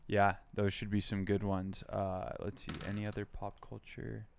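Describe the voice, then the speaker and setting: Rambling young man, low flat voice. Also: moderate pace, creaky, slight background noise. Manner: rambling, heavy use of "like" and "um". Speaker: podcast co-host. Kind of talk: casual pop culture chat.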